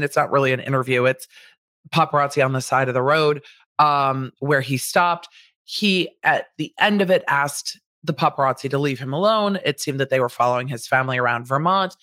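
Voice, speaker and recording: A woman's voice: low voice, a bit bright, no room sound, studio quality. A woman hosting a commentary podcast, blunt and opinionated, sometimes swearing. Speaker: podcast host.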